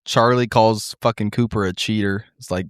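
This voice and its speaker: A man's voice: lowish voice, steady tone, normal speed, clean tone, no echo, clean studio sound. A man from the Midwest co-hosting a casual podcast, laid-back, laughing often and swearing freely. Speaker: podcast co-host. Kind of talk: casual chat.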